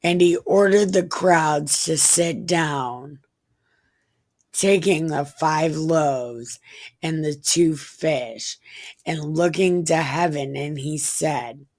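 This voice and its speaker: Lady reading the bible w crude jokes, low slow voice. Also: no echo. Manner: deadpan reading with crude joking asides. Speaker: comedic scripture reader. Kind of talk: irreverent comedic Bible reading.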